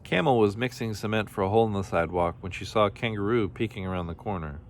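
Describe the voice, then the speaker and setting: A man reading a children's picture book aloud in a gentle, expressive way. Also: lowish voice, fast, a little hiss or hum. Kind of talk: storybook read-aloud.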